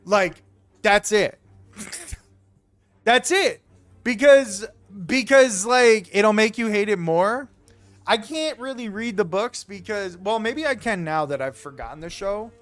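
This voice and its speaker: A man streaming live, talking in a rambling, excitable, profane rant to his chat. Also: sits high, takes it slowly, no room sound, soft background music. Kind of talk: casual chat while live streaming a game.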